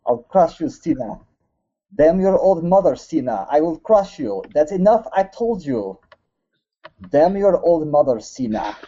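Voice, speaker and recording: A man's voice: on the high side, sing-song, measured pace, warm tone, lo-fi sound, voice pushed up. Man doing a blustering Russian wrestler in a mock accent. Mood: blustering threats. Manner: blustering, repetitive threats. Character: angry male Russian wrestler giving up. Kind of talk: comic read-out in a put-on voice.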